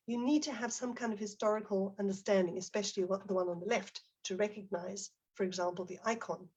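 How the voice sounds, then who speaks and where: A woman's voice: mid-range voice, husky. A middle-aged woman presenting a teacher-training webinar, explaining examples and reading out participants' chat comments.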